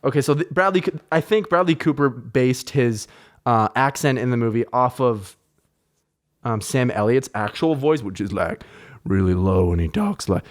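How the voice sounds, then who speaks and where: A male podcast host talking in loose, casual chat, with a middle-pitched voice. He rambles and swears freely, and he pokes fun at himself as he goes. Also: lively intonation, normal speed. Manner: rambling, profane, self-mocking.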